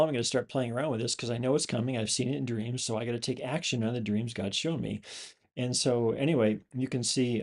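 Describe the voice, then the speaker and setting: Gravelly-voiced man explaining things casually. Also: medium pitch. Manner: rambling, many fillers and restarts. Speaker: channel host, former pilot and flight instructor. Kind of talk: casual explanation over a screen display.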